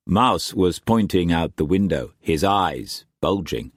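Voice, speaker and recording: Man narrating an audiobook, very deep voice, lively intonation, slow, measured, dramatic. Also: no echo, clean studio sound. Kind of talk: scripted novel narration.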